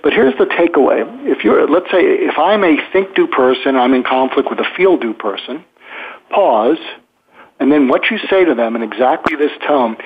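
A man's voice: on the high side, animated, moderate pace, slightly rough. An older man, a psychiatrist guest, explaining at length in a rambling way with many fillers and restarts. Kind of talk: casual explanatory interview talk. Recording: tinny phone line.

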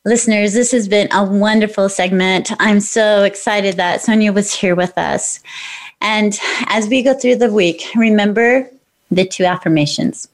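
A woman's voice: mid-range voice, moderate pace. A middle-aged woman hosting a radio talk show, upbeat and affirming in a spiritual, encouraging way. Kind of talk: casual interview chat.

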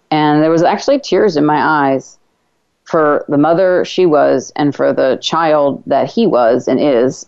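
A woman hosting a talk radio show, telling a personal story in an earnest, reflective way with halting restarts. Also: low-pitched, gravelly, darkish tone. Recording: slightly dull lo-fi radio audio.

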